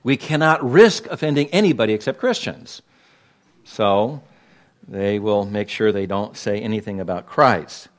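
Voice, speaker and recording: A man's voice: on the low side, expressive, measured pace. A man from Los Angeles preaching a sermon to his congregation, pointed and emphatic, leaning hard on key words. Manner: emphatic, pointed preaching with sudden loud stresses. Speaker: pastor.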